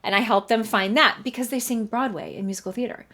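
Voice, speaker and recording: A woman's voice: fairly high pitch, fast talker, a bit bright. A woman in her thirties hosting a singing lesson podcast, chatting casually and breaking into short sung vocal examples. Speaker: voice teacher and podcast host. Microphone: studio mic.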